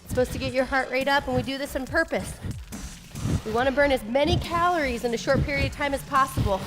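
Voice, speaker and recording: High-voiced lady fitness coach, breathing hard, cheering everyone on over loud workout music. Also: fast talker. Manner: encouraging, upbeat coaching. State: getting out of breath. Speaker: fitness instructor. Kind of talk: follow-along workout coaching.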